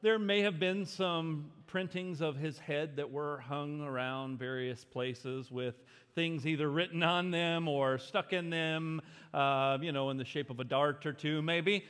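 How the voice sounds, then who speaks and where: A man's voice: a little high, fairly even intonation, a little slow, a bit bright, clear, resonant tone. Man preaching in a big echoing hall. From Arkansas, US. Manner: conversational, self-deprecating storyteller with frequent fillers. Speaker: pastor. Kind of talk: sermon with a personal story. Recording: long reverb of a big hall.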